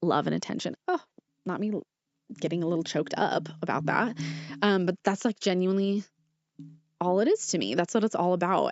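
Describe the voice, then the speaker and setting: A woman's voice: on the low side, dry recording, muffled recording. A young woman hosting her own podcast, talking in an earnest, gushing, rambling way with lots of fillers. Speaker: podcast host. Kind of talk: casual solo podcast chat.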